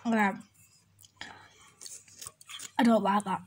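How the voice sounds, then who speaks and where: A young woman, chatting excitedly and repeating herself as she taste-tests snacks at home for her vlog. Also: mid-range voice, takes it slowly, slight background noise. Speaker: vlogger. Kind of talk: casual taste-test vlog.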